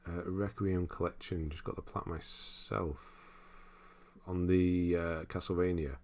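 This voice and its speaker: A young man hosting a casual livestream, reading viewer comments aloud and thinking out loud in a rambling way with frequent chuckles. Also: low voice, steady tone, measured pace. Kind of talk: casual live-stream chat.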